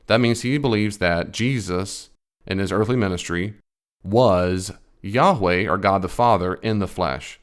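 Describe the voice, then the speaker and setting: A man's voice: sits low, a little slow. A man giving a reaction commentary on a theology video, explaining firmly and correcting the speaker.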